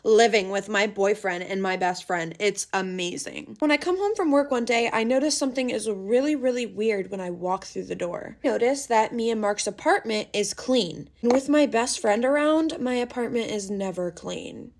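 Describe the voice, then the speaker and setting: A young woman casually narrating a dramatic first-person story, chatty and animated, acting out her own panicked lines. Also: medium pitch, moderate pace, few pauses.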